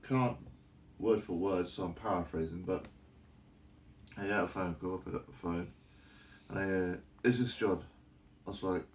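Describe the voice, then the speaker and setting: A man's voice: sits low, a little hiss or hum. A man casually recounting an anecdote in a home living room, animatedly acting out the voices of the people he quotes. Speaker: vlogger.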